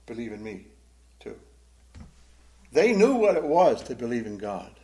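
A man's voice: mid-range voice, very animated, a little slow, darkish tone. A man preaching a Bible-teaching sermon in a conversational way, often asking the congregation questions and repeating words as he goes. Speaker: pastor.

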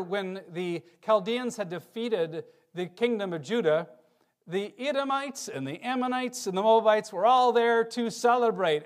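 Man with a high voice preaching a sermon; reads scripture, dynamic between emphatic and hushed delivery. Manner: expressive, swings between loud emphasis and quiet low passages. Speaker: pastor.

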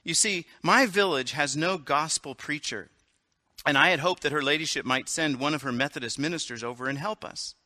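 A tired, humble poor villager, as a man reads him aloud, earnest and pleading. His voice is bright and pitched a little up. The sound is dry and close. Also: a little fast, no echo.

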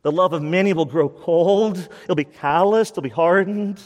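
A male pastor preaching to his church in an urgent, pleading way, hammering his points home through repetition. His voice sits a little high for a man. Long reverb from the sanctuary hangs after each phrase. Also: normal speed, hardly any pauses. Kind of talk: sermon.

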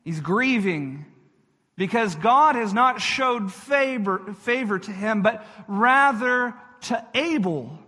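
Slow, bright-voiced man preaching. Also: high-pitched, lively intonation. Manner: earnest, repeats phrases for emphasis, addresses listeners directly. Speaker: pastor. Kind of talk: sermon. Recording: echoey hall reverb.

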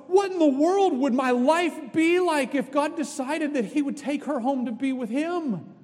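Middle-aged pastor guy preaching, high voice, big echoey hall, gets loud then drops soft. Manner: emphatic preaching with sudden swings in loudness. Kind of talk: sermon. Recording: long reverb of a large hall.

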